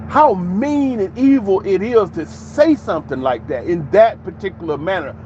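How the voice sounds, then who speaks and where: A man's voice: sits high, lively intonation, normal speed, darkish tone, lo-fi sound, a little hiss or hum. A man giving an opinionated commentary monologue in an emphatic, preachy way, with many rhetorical questions. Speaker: commentary channel host.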